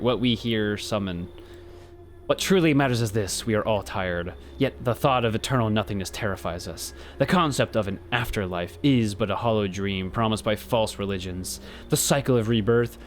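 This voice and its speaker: A man's voice: lowish voice, a little hiss or hum, pitched below the performer's own voice, close to an everyday voice. A man voicing a solemn male cult leader, preaching about death in a grave, archaic way, with faint game music behind. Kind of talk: reading game dialogue aloud.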